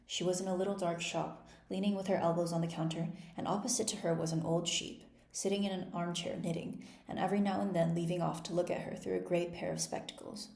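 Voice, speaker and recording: A woman narrating a children's storybook in a gentle, clear reading-aloud manner. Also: fairly low pitch, flat delivery, fast talker, hardly any pauses, reverberant. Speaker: storybook reader.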